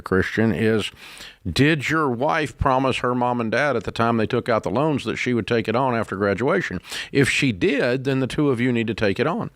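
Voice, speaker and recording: A man, hosting a call-in advice show, blunt and emphatic, his pitch climbing as he rants. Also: dry recording, clean studio sound. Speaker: radio show host.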